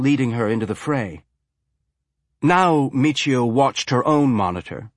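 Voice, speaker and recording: A man narrating an audiobook with an even, measured reading. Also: medium pitch, no room sound, clean studio sound.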